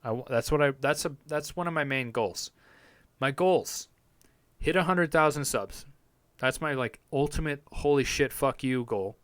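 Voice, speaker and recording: A man's voice: medium pitch, moderate pace, a bit bright, dry recording, clean studio sound. A young man chatting casually on a live stream from his home basement, rambling and swearing often in a laid-back way.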